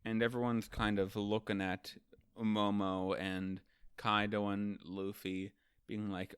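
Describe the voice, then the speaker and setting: A man's voice: lowish voice, flat delivery, slow, smooth, no echo, clean studio sound. A man hosting a casual manga ranking show, recapping chapters in a loose, profane, chatty way and acting out the characters' lines.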